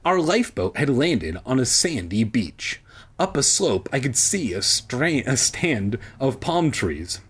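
A man's voice: mid-range voice, husky. A man reading a children's book aloud for comedy, with sarcastic, profane asides. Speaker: comedic reader.

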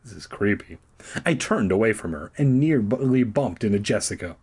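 A man's voice: on the low side, lively intonation, moderate pace, a little mellow, husky. A man reading a children's horror book aloud, breaking off for crude, sarcastic asides. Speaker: reader.

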